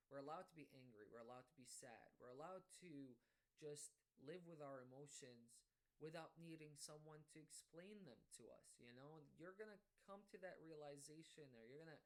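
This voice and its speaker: A man's voice: medium pitch, bright, forceful tone. A man vlogging at home in a casual, rambling monologue to camera, reflective and reassuring, with many fillers and restarts. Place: at home indoors.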